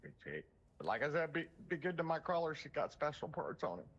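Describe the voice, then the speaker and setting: A man chatting casually with a fellow player during a game, relaxed and bro-like, swearing now and then. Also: a little high, fairly quick, breathy edge, dull audio.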